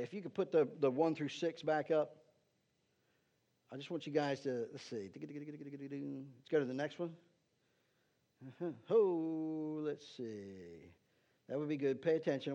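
A man with a fairly high voice gives a teaching sermon as pastor, talking casually and often asking "right?" to check that people follow. The recording is dull and lo-fi. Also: a little slow, long pauses, dark tone. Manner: conversational, keeps asking "right?"; talks to the slide operator between points. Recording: dull lo-fi sound.

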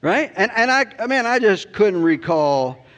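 A man's voice: high voice, sing-song, measured pace, a bit bright. A middle-aged man preaching by telling a story about himself, rambling and self-deprecating, with many "you know"s. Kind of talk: storytelling sermon.

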